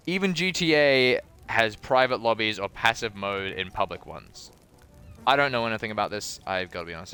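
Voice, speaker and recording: A man's voice: lowish voice, pushed and bright, clean tone. A man ranting as a gaming video creator, exasperated and laughing at himself, swearing often. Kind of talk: ranting commentary on comments.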